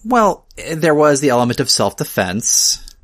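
A man's voice: fairly high pitch, big pitch swings, measured pace, fairly bright tone. Man, podcast co-host, casual chat, dry joking delivery.

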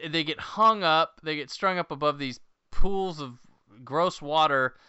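A man co-hosting a podcast, recapping a movie plot in a casual, lively way with quick laughs. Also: a little high, clean tone, no echo, muffled recording. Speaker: podcast co-host.

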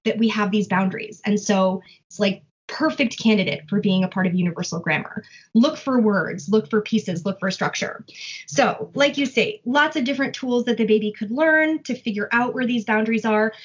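Husky-voiced woman explaining research. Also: a little high. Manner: explains patiently, thinking aloud with examples. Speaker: language acquisition researcher. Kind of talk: explanatory conversation. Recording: dull lo-fi audio.

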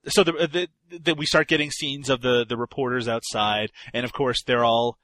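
A man's voice: medium pitch, steady tone, normal speed, a bit bright. A man co-hosting a casual film review chat. He rambles, restarts often and laughs easily. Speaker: podcast co-host reviewing a film.

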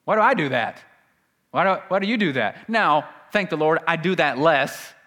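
Forceful preacher with a hall echo. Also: male voice, fairly high pitch, normal speed. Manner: animated preaching, reads scripture aloud and acts out the people in it. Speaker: pastor. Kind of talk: sermon. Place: church sanctuary. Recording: long reverb of a large hall.

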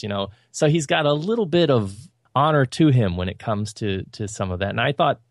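A man co-hosting a podcast, talking about films in a relaxed, conversational way, often saying "you know". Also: medium pitch, fairly quick, hardly any pauses, no room sound, clean studio sound. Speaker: podcast co-host. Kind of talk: casual film discussion.

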